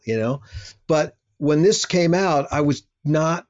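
A man's voice: a little high, moderate pace, a little mellow. Older man, reflective podcast guest. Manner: reflective, self-deprecating with laughs. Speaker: guest guitarist. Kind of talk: casual podcast conversation. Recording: slightly dull lo-fi sound.

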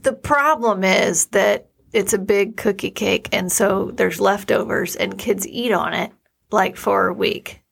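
A woman co-hosts a relaxed chat show and tells stories at a leisurely pace. Her voice has a gravelly fry running through it, and she sounds amused by what she is telling. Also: mid-range voice. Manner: unhurried storytelling, amused. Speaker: podcast co-host, parent. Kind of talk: casual chat.

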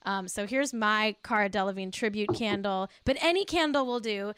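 A woman's voice: medium pitch, moderate pace, fairly bright tone, smooth, dry recording. A young woman co-hosting a casual gossip podcast, playful and mock-solemn. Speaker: podcast co-host. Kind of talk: casual celebrity gossip chat.

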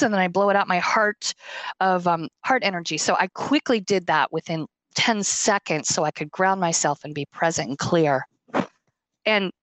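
A woman's voice: on the low side, dry recording. A woman hosting a podcast, telling a personal story with feeling and frequent laughter. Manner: emotional, laughs often, animated storytelling. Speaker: podcast host.

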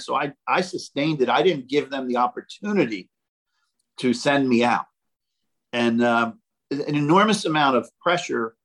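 An older man, a former ballplayer, telling animated stories as a podcast guest and acting out the quotes. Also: medium pitch, poor audio. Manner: animated, jokey storyteller who acts out quotes. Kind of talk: casual storytelling.

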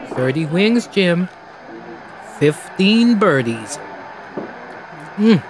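An actor playing a heavyset, mock-friendly stranger who rambles and taunts in an audio drama. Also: male voice, sits high, sing-song, drawn-out words, slight background noise, exaggerated voice. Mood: rambling. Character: menacing, playful heavyset man.

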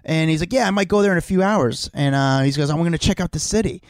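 New guy, podcast co-host, fairly high voice, dry close mic, lively swearing storyteller. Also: fast talker, no room sound. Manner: animated, swears freely, acts out quoted voices. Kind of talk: casual storytelling chat. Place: home.

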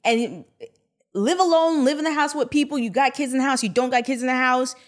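A woman guest in a casual podcast chat, supportive and quick to agree. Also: high voice.

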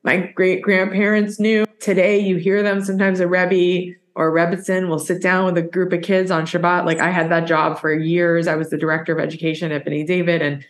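A woman from the United States hosts a conversational podcast interview in a somewhat low voice. She is effusive and emotional. She speaks openly about faith. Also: level tone, brisk, hardly any pauses. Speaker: podcast host.

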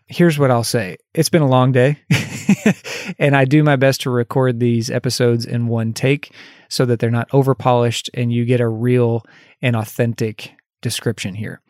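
A man's voice: medium pitch, flat delivery, moderate pace, a little mellow, no echo, studio quality. A male life coach hosting a solo podcast, talking candidly and conversationally, laughing at himself and lifting his voice when he acts out example phrases.

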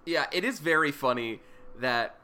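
A man's voice: a little high, expressive, moderate pace, pushed and bright, clean tone. A man co-hosting a podcast, trading loose, joking banter. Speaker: podcast co-host. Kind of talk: casual banter.

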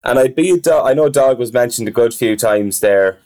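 A man's voice: mid-range voice, brisk, a little mellow. A man in casual chat, teasing his co-hosts. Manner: teasing, chatty. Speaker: podcast co-host.

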